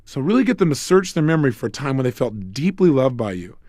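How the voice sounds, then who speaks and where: Emphatic man with a lively pitch. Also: quick pace, no room sound, studio quality. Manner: emphatic, asks rhetorical questions, acts out quoted dialogue. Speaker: self-help speaker. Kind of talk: motivational audio lecture.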